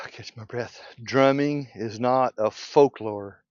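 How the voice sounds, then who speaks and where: Man, beekeeper, slow easy delivery, thinking aloud, dry dull lo-fi outdoor recording. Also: medium pitch, no room sound. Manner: unhurried, thinking aloud, clears throat and coughs often. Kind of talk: casual teaching while working. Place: outdoor apiary.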